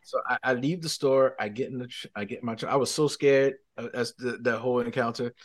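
Animated man telling a story. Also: medium pitch, brisk, a little hiss or hum. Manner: animated, acts out quotes, laughs. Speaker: podcast guest. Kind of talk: storytelling testimony.

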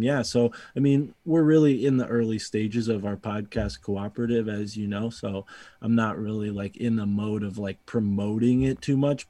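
A man from Connecticut, a podcast guest chatting casually in a rambling, laid-back way that trails off softly. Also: on the low side, no echo. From Connecticut, USA.

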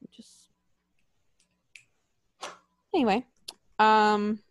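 A woman in casual chat, telling rambling, animated stories full of swearing. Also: mid-range voice, extremely slow, smooth, no room sound, lo-fi sound. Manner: profane, rambling and animated storytelling.

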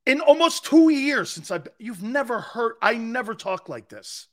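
A man hosts a sports talk show with an excitable, emphatic monologue, swinging between shouting and low asides. Despite that, his delivery stays unhurried.

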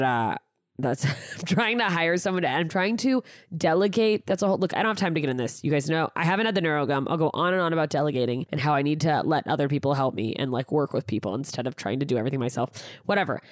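On her own podcast, a comedian with a low voice chats casually through plugs and tour dates, self-deprecating and swearing without restraint. The studio-microphone recording has no echo and is studio quality.

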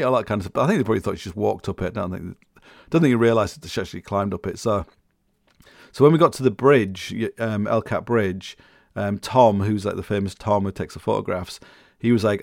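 A man's voice: on the low side, fairly quick, gravelly, darkish tone, no echo, studio quality. A middle-aged man rambling casually as a podcast host, full of restarts and fillers, chuckling now and then.

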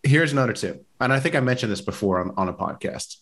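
Man, podcast co-host, casual chat, opinionated, animated up-and-down voice. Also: medium pitch, quick pace. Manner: opinionated, gives tips, repeats himself.

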